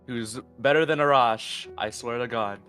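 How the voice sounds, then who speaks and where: A man's voice: medium pitch, moderate pace, fairly bright tone, faint music behind. A man at a tabletop game, indignant and emphatic, swearing as he defends his opinions. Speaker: player. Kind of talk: casual banter before a tabletop game.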